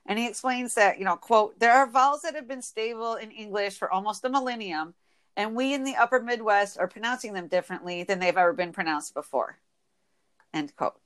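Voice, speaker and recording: Michigan woman in her 20s, inland north accent, nasal, chatty, laughs a lot. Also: mid-range voice. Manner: chatty, laughs often, quick when excited. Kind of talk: casual chat.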